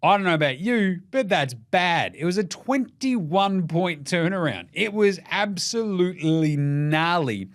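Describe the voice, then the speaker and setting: Lively, rowdy Australian sports podcaster man. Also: high-pitched, measured pace, hardly any pauses. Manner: rowdy, sweary, jokey, does silly voices. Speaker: podcast host. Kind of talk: casual sports chat.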